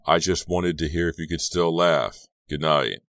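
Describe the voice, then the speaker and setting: A man's voice: a bass voice, normal speed, fairly bright tone, dry recording, clean studio sound. A man voicing a wisecracking teenage boy who needles his friend with jokes, in an audiobook reading. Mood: teasing.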